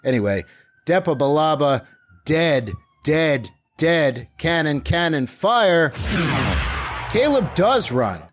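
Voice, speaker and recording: A man's voice: on the high side, very animated, takes it slowly. A man hosting a podcast, recapping an episode in casual chat and dropping into silly voices. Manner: playful, slips into silly voices while retelling scenes.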